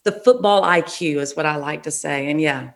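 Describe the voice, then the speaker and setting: A middle-aged woman, a football official, telling stories in a relaxed, frank way in an interview. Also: sits low, normal speed. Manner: relaxed, frank anecdotal telling with short restarts. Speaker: NFL official, interview guest. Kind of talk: conversational interview storytelling.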